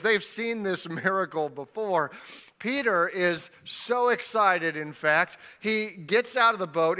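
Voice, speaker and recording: A man preaching a sermon, retelling a story with lively voices for its people and dropping quiet for personal appeals. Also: high voice. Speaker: pastor.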